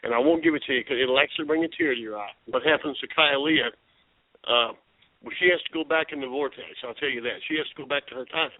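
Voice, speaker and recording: A man's voice: mid-range voice, quick pace, no echo. Man telling a story over the phone. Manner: animated storyteller, acts out quoted voices, laughs often. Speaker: caller. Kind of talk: casual phone chat retelling a book. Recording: dry tinny phone line.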